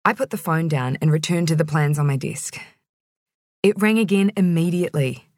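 A woman's voice: low voice, moderate pace, darkish tone, no room sound. A woman narrating a first-person audiobook in a dry, wry storytelling manner, close on the microphone.

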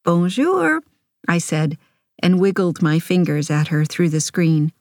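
Woman reading an audiobook, lowish voice, calm and intimate, super dry close mic. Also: no room sound. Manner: measured, intimate first-person storytelling. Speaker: audiobook narrator. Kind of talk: scripted audiobook narration.

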